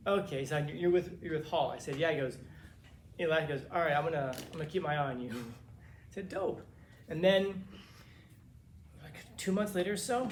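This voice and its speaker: A man who teaches, from Los Angeles, telling his students a long story in a casual, animated way, quoting the people in it. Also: fairly high pitch, echoey room, slight background noise. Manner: casual, animated retelling with quoted dialogue. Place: classroom.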